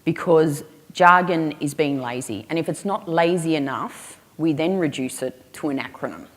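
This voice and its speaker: A woman speaks from the stage in a low, grounded voice. Her delivery is punchy and humorous, leaning on emphatic rhetorical questions. The sound carries a long reverb from a large hall. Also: moderate pace. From Australia. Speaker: keynote speaker. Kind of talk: storytelling keynote speech.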